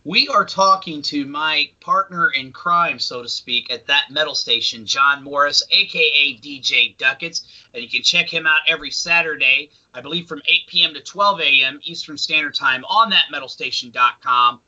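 A man's voice: on the high side, moderate pace, hardly any pauses, sharp tone. A man co-hosting a podcast, upbeat and profane, who keeps answering with "awesome" and "right on". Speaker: podcast co-host. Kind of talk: casual podcast chat. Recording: slightly dull, lo-fi sound.

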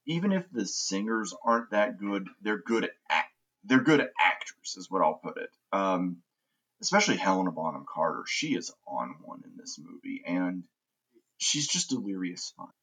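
A man with a deep, husky voice hosts a laid-back movie podcast. He rambles with eager opinions and often restarts his sentences mid-thought. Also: big pitch swings, normal speed, fairly bright tone, low-quality recording. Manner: opinionated and enthusiastic, frequent restarts. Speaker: podcast host. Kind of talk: casual podcast movie chat.

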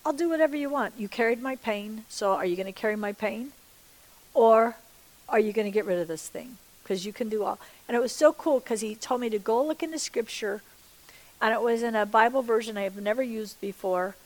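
A middle-aged woman giving a sermon-style personal testimony, acting out the dialogue with lively energy, and dropping to a soft, hushed voice when she quotes her prayers. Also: mid-range voice, poor audio. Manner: animated storytelling that acts out the dialogue; chatty, checks in with the listeners. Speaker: Christian speaker.

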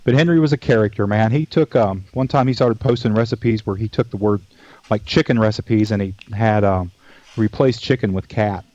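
A man's voice: on the low side, normal speed, darkish tone, no room sound. A man hosting a cooking show, chatting casually in a folksy, rambling way and telling jokes along the way. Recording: dull dry lo-fi recording.

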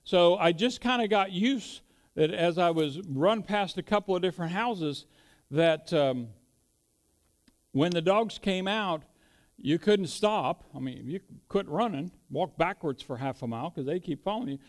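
A man's voice: high voice, expressive, measured pace. A middle-aged man preaching a sermon, mixing folksy storytelling with emphatic declarations. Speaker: pastor.

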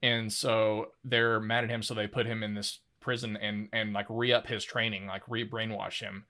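A man's voice: lowish voice, flat delivery, normal speed, pushed and bright. A man co-hosting a casual podcast discussion, easygoing and rambling, often laughing. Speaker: podcast co-host.

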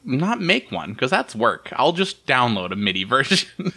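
A man's voice: medium pitch, very animated, measured pace, sharp tone. A man hosting a podcast in casual, joking chat, laughing often and swearing. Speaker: podcast host.

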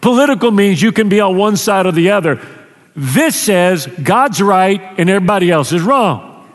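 A man's voice: high voice, animated, moderate pace, in a large hall. A male pastor, preaching a sermon in a conversational way, often restarting his sentences. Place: church sanctuary.

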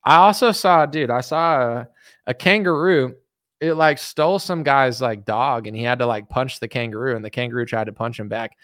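Male livestream host, sarcastic and joking, mid-pitch, dry close sound. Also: normal speed, fairly bright tone, dry recording. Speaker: livestream host reading chat. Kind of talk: casual livestream chat.

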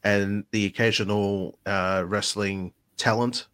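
A man's voice: fairly low pitch, little pitch movement, takes it slowly, fairly bright tone, clean tone. A man co-hosting a casual live-stream podcast, talking in a rambling way with many restarts. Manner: rambling, with frequent restarts and fillers. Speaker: podcast co-host.

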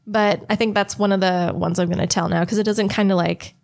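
A woman's voice: mid-range voice, steady tone, a little fast, gravelly. A young woman telling a story in casual chat as a podcast co-host, chatty and cursing freely, acting out what people said. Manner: chatty, swears freely, acts out quoted voices.

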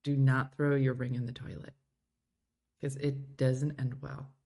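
A middle-aged woman hosts a casual live show, reading viewer comments aloud while she chats and giggles, sometimes slipping into playful put-on voices. Her voice rumbles low, mellow and a little slow, with a flat delivery.

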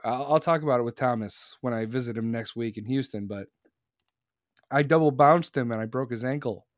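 A man's voice: medium pitch, a little mellow, smooth, no room sound, clean studio sound. A man in his forties hosting a podcast, ranting in a rambling, fired-up way with many restarts. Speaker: podcast host. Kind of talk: casual podcast chat.

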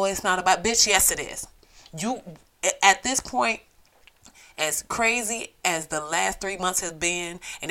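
A woman's voice: mid-range voice, sharp tone. A woman hosting a solo podcast, ranting in a blunt, profane, sassy way. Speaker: podcast host.

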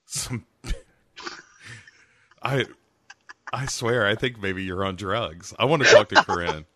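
A man's voice: lowish voice, slow pace, very noisy. An American man hosting a casual podcast, teasing his co-hosts in a dry way. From United States. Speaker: podcast host.

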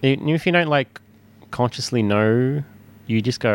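A man's voice: mid-range voice, expressive, moderate pace. A man talking casually about retro arcade hardware in a podcast conversation, rambling with restarts and frequent laughs. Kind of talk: casual chat.

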